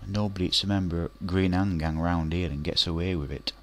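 A man's voice: sits low, steady tone, a little fast, fairly bright tone. A man voicing a stingy, humourless butcher, giving curt orders. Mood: menacing.

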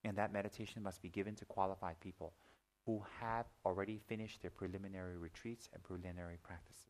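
Man, Buddhist teacher, rapid speech, fairly low voice, animated storytelling, joking asides. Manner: lively storyteller, acts out gasps and shouts. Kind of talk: Dharma talk with personal stories.

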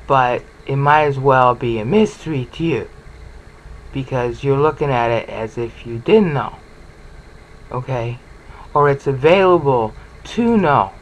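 A man's voice: a little high, poor audio. A man giving an informal Bible study lecture, talking conversationally and often checking in with "okay?" and "all right?". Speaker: Bible teacher.

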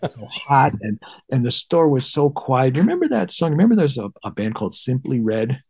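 A middle-aged man from Detroit, a bassist guest in a casual interview, telling stories and acting out past dialogue. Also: a little fast, breathy edge. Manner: animated, acts out past dialogue in higher voice.

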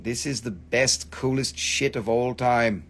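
A man's voice: mid-range voice, a little slow, fairly bright tone. A man hosting a casual live stream where he sells rocks and crystals, joking, rambling, and swearing freely. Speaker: crystal shop host.

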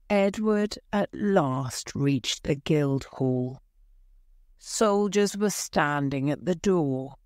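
Lady reading an easy english story real slow, smooth voice, dry sound. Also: sits low, no echo. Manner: slow, careful reading with raised voices for shouted lines. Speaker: narrator. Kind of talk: graded reader audiobook narration.

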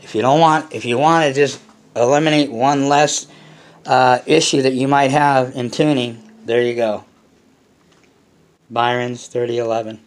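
A man's voice: medium pitch, fairly even intonation, measured pace. A man hosting a casual unboxing vlog, rambling and blunt, swearing freely as he talks to his viewers. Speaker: hobby channel host.

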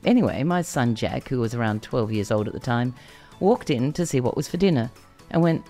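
A woman's voice: very deep voice, big pitch swings, moderate pace, creaky, mellow, faint music behind. A middle-aged woman from Australia hosting a parenting podcast, delivering a scripted monologue expressively and asking the listener direct questions. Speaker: podcast host.

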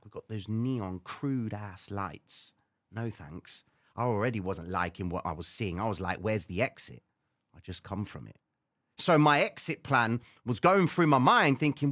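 Animated man telling a story. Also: mid-range voice, no echo, clean studio sound. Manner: animated, swearing, acts out his own quotes. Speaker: trading show host. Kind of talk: casual storytelling on a live stream.

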